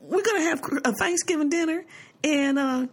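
A woman's voice: moderate pace, natural voice. A woman imitating her chatty older mother, teasingly coy, her voice lifted and lilting. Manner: lilting, raised pitch.

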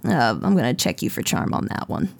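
A woman game master narrating a tabletop game in an unhurried, descriptive way with many fillers. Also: very deep voice, big pitch swings, creaky, a little mellow.

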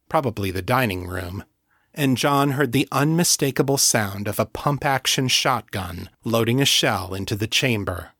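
A man reading fiction aloud as an audiobook narrator, in a measured, deliberate way. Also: medium pitch, a bit bright, dry recording, studio quality. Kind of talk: scripted narration.

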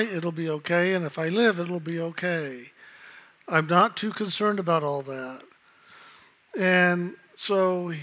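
A man calmly telling a personal story in a reflective, unhurried way, acting out the voices of others in it. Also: on the high side. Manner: calm, unhurried, reflective, acts out quoted voices. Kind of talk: casual spoken storytelling.

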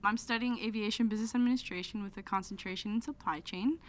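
A woman's voice: medium pitch, quick pace. A young woman, a college student, chatting casually on a podcast and animatedly acting out the people in her story. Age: young adult. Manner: animated storyteller, acts out quoted dialogue. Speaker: student guest.

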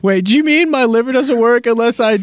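A man's voice: extremely high pitch, a little fast, clear, resonant tone, dry recording, clean studio sound, voice pushed up. A man voicing a gullible male juice-cleanse believer in a whiny, mock-indignant tone. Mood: mock outraged.

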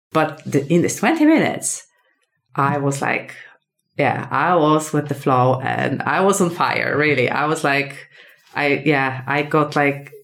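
A woman, a podcast guest telling a personal story in a casual, animated way, full of fillers and acted-out dialogue. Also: low voice. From Poland. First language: Polish. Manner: animated, acts out quoted dialogue, many fillers.

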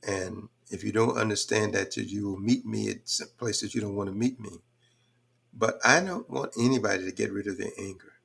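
A man's voice: fairly low pitch, normal speed, creaky, a bit bright, slightly rough. An older man speaking as a podcast guest in a reflective, thoughtful way, with frequent fillers. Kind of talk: reflective conversational talk.

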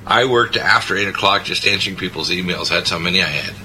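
A man hosting a health talk radio show as a doctor, proudly rattling off figures. His voice sits fairly low but cuts very bright and sharp. A faint hiss of noise lies under the talk. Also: quick pace, rough recording. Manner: boastful, listing stats.

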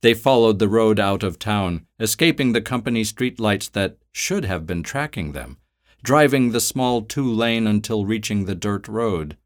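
A man narrating a dark story in a measured, steady reading. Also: fairly low pitch.

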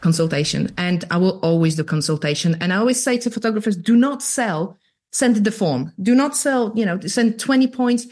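A woman in her thirties from Poland with a light Polish accent, a photographer chatting as a guest in a casual, straight-talking, lively way. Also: mid-range voice, a little fast. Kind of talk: casual interview chat.

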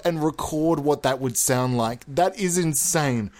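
A man's voice: unhurried, hardly any pauses, darkish tone. A man hosting a comedy podcast, ranting in a theatrical, mock-offended way and over-enunciating his words. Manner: over-enunciating, sliding between exaggerated high and low voices. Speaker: podcast host.

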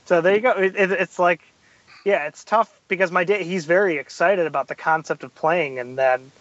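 A man's voice: sits high, moderate pace, no room sound, lo-fi sound. A man guest on a podcast, chatting casually and acting out quotes as he tells stories. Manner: animated storyteller, acts out quotes.

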